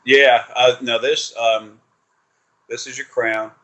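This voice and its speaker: A man's voice: medium pitch, little pitch movement, slow pace, pushed and bright, poor audio. A man giving a casual spiritual reading over a video call, rambling and swearing, with many fillers and restarts. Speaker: spiritual reader.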